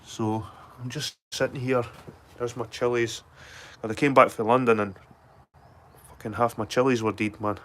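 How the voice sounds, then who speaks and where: A man's voice: mid-range voice, steady tone, moderate pace, a bit bright. A middle-aged man, chatting casually and rambling to live viewers while walking round his allotment outdoors, speaking into a handheld phone. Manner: rambling, sweary, matter-of-fact. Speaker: livestreaming vlogger.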